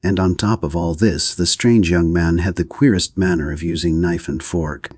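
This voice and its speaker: Very deep husky male audiobook narrator. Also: fairly even intonation, moderate pace, darkish tone, dry recording, clean studio sound. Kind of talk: scripted narration.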